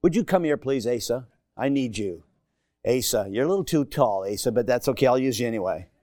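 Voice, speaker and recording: A middle-aged man preaching a sermon in a church, swinging from shouted emphasis to hushed asides and joking with the congregation. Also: mid-range voice, expressive, a little fast, no room sound, clean studio sound. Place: church sanctuary.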